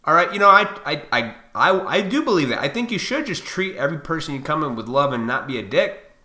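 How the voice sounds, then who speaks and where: A man's voice: on the high side, big pitch swings, brisk, sharp tone. A man in his forties delivering a profane, combative ranting monologue as a vlogger. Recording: echoey room.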